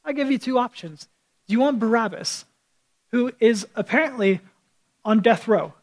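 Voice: mid-range voice, lively intonation, moderate pace, natural voice, rough recording. A preacher playing a middle-aged Roman governor in casual modern talk, coaxing the crowd and then taunting them. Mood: placating. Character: Roman governor, middle-aged man, placating yet menacing.

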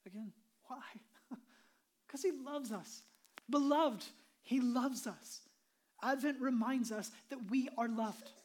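A woman pastor preaching with earnest conviction and a fairly high voice. She presses hard on key points, then drops to a hush or a near whisper. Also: slow pace, pauses often. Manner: earnest, swings between emphatic and hushed, drops to whispers. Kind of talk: sermon.

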